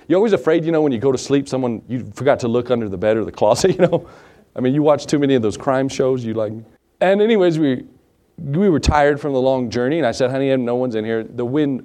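A pastor preaching a sermon, telling a funny personal story with frequent laughs. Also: male voice, mid-range voice. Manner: animated storyteller, laughs often.

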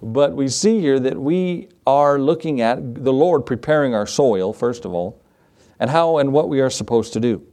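Male pastor, mid-pitched voice, chatty sermon delivery that questions the congregation and drops jokes. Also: expressive, normal speed, warm tone. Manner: conversational, quizzes the congregation, joking asides. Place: church.

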